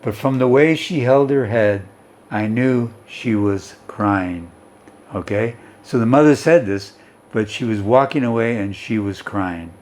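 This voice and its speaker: A man's voice: fairly low pitch, measured pace, a little mellow. A male teacher reading and explaining a story, who keeps checking in with his students.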